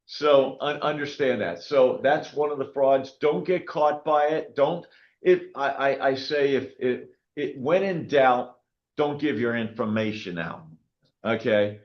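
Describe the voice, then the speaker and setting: A man in his sixties speaks at a public meeting in an ordinary middle register. He tells anecdotes in an animated way and keeps checking in with his listeners. The recording sounds muffled and lo-fi. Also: mid-range voice, a little slow. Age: 60s. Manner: animated storytelling, frequent "okay?" check-ins. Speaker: county clerk of court.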